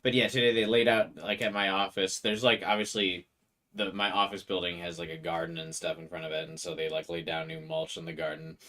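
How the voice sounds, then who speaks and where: A man's voice: low voice, little pitch movement, fairly quick, pushed and bright. A young man with a congested nose, chatting casually and rambling while playing a game, with game music behind him. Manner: rambling, swears casually, many filler likes. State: congested from allergies. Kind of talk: casual gameplay chat.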